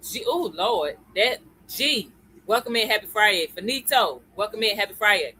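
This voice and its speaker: A woman teaching on a live stream, with a bright voice at a middle pitch. She talks in a loose, chatty way and keeps turning to the viewers with "y'all" and "all right?". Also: lively intonation, moderate pace, a little hiss or hum, low-quality recording. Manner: chatty, greets viewers by name, tags lines with "okay?" and "y'all". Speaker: crypto educator hosting a live stream. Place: at home computer.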